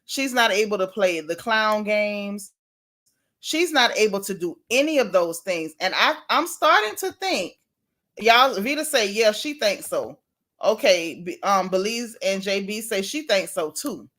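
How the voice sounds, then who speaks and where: A middle-aged woman, hosting a casual gossip livestream, animated and sassy as she reads out viewer comments. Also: mid-range voice, unhurried. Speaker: livestream host.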